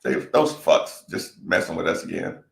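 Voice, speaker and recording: A man's voice: low-pitched, sing-song, normal speed, gravelly, a bit bright, echoey room. A man speaking bluntly and emphatically in a candid talk-show conversation, repeating his points and swearing freely.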